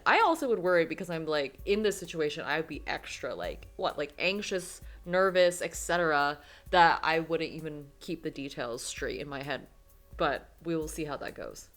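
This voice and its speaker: A young woman with a fairly low voice plays through a story game, reading its text and drifting into rambling comments. She talks casually with many fillers. Faint music plays underneath. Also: a bit bright. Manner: chatty, lots of fillers, trailing asides. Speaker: game streamer.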